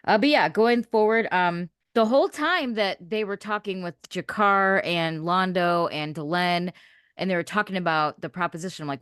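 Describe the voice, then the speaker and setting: A woman co-hosting a podcast in casual chat, animated and blunt, laughing often as she talks. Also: on the low side, fairly quick, clean tone, no room sound, studio quality. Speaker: podcast co-host, newer viewer.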